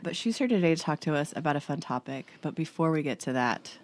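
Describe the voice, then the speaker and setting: A woman hosting a podcast in casual chat, relaxed and teasing with her guest. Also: low voice, quick pace. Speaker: podcast host.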